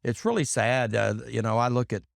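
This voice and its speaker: A man's voice: medium pitch, a little fast, creaky, dry recording, studio quality. A man guesting on a podcast, telling loose, rambling anecdotes full of fillers and restarts. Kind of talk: casual storytelling.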